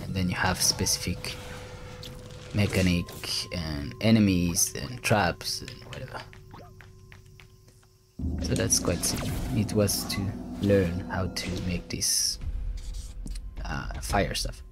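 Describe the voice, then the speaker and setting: Halting man explaining his game. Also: sits low, over music. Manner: halting, many fillers and restarts. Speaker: game developer. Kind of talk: let's play commentary.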